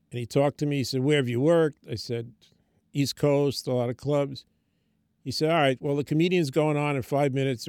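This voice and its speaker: A man's voice: medium pitch, clear, resonant tone, no echo, studio quality. An older man, a comedian, telling a story in casual talk and acting out the quoted voices. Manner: animated anecdote telling, acts out quoted voices. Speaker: comedian guest.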